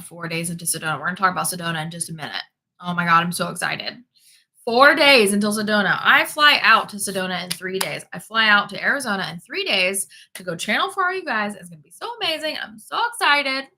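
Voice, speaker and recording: A woman in her thirties hosting a spiritual livestream, chatting casually and reading viewer comments in a bubbly, excitable way. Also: medium pitch. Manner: bubbly, excitable, greets viewers by name and laughs often.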